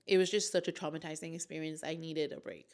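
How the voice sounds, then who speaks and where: Young woman, vlogger, lowish voice, emotional rambling storytelling. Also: steady tone, quick pace, darkish tone. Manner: emotional, rambling retelling with many fillers. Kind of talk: casual storytelling to camera.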